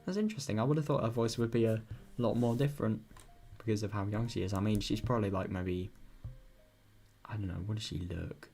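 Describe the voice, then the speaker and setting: A man's voice: on the low side, fairly quick, vocal fry, a little mellow, soft background music. A man reading a visual novel aloud and breaking off into chatty, rambling commentary. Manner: rambling, chatty asides with frequent laughs. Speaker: let's-play reader.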